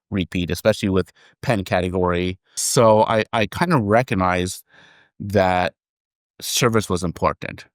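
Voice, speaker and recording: A man being interviewed on a podcast as a company chairman, telling stories in a relaxed, conversational way and acting out the quoted dialogue. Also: deep voice, smooth, dry recording, studio quality. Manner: animated storyteller, acts out quoted dialogue.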